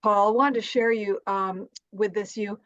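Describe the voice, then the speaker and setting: A woman's voice: medium pitch, fairly even intonation, a little slow, fairly bright tone, dry recording, lo-fi sound. A British woman co-hosting an interview, effusive and full of compliments for her guest. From Britain. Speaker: podcast co-host. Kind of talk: casual interview chat.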